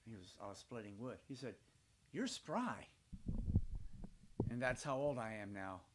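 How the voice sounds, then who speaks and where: A man's voice: lowish voice, fairly quick. An older man from Georgia with a Southern accent, telling playful stories to children by his fireplace at home. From Georgia, USA. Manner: chatty, playful, rambling. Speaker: storyteller. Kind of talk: folksy storytelling for children.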